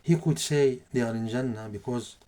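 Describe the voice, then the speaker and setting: Middle-aged man with a warm, mellow voice. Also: mid-range voice, moderate pace. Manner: animated storytelling with repeated words. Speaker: street preacher. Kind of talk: retelling a religious story to a crowd. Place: outdoor public park.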